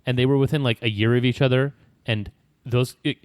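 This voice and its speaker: A man co-hosting a casual pub quiz podcast, laughing often and breaking into falsetto. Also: a little fast, dry recording, clean studio sound. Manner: animated, laughs often, jumps into high falsetto. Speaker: podcast co-host.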